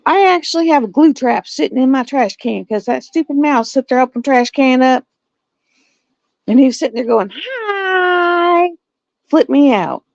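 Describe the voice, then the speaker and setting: A middle-aged woman, hosting a livestream and telling stories in a casual, animated way. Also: high-pitched, moderate pace, vocal fry, no room sound. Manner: animated storytelling with laughs. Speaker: livestream host. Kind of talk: casual chat. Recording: dull lo-fi dry sound.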